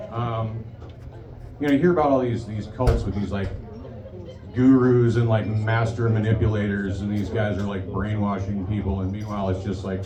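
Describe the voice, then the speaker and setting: A man's voice: fairly low pitch, dull audio. Rambling forty-something male stand-up comic. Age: 40s. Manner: rambling, hesitant, profane, lots of ums. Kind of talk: stand-up comedy set. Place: bar comedy stage. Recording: echoey live bar, distant mic, crowd noise. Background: crowd, ambience.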